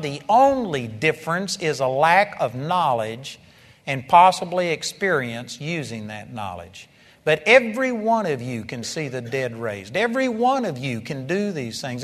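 Impassioned preacher man in a reverberant hall. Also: high voice. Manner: impassioned, repetitive, rising to emphatic peaks. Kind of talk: sermon. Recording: long reverb of a large hall.

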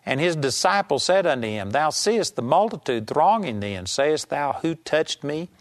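A man teaching a sermon series on healing, talking in a conversational, emphatic way and reading scripture aloud slowly. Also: a little high, sing-song. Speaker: Bible teacher.

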